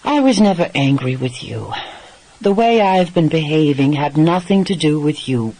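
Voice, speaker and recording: A man voicing a stubborn, hedging young American wife in an audiobook, defensive and quick to argue. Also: fairly high pitch, animated, a little mellow, rough recording.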